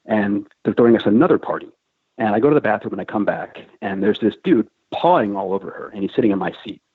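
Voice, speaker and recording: A man's voice: fairly low pitch, breathy edge, no echo. Profane storytelling man on a tinny line. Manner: crude, profane, animated anecdote with quoted voices. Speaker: podcast host telling a war story. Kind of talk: casual storytelling. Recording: phone-like, narrow band, dry.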